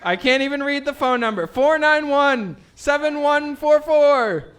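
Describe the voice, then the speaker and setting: A man with a very high, bright voice emcees a raffle in front of a live crowd at an event venue. He speaks slowly and teases the audience between prize announcements. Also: animated. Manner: joking, playful banter with the crowd.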